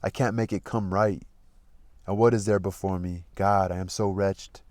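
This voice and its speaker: A troubled young noblewoman, wistful and restless, as a man reading a novel aloud speaks her lines. The voice sits low and deep, recorded close and dry with no room around it, in the unhurried manner of a book being read aloud. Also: steady tone, a little mellow, no echo, natural voice.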